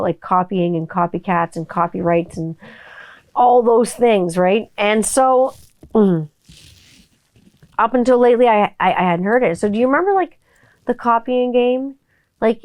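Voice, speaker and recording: Her tone darkish, a middle-aged woman hosts a casual solo podcast, chatty and full of profanity. For quotes she often switches to a high kid voice.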